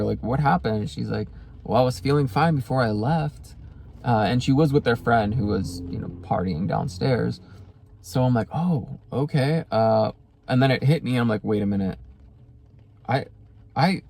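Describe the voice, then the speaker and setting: A man's voice: mid-range voice, gravelly, darkish tone. A young man vlogging about spiritual self-help, telling a personal story casually, rambling with many fillers and acting out quoted dialogue.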